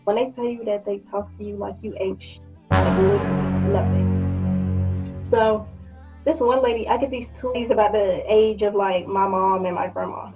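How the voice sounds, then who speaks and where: A woman in her twenties telling a story in a casual vlog, blunt and profane, with lively acted-out quotes. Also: medium pitch, normal speed, highs cut off, music in the background. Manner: blunt, profane, animated quoting. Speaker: vlogger.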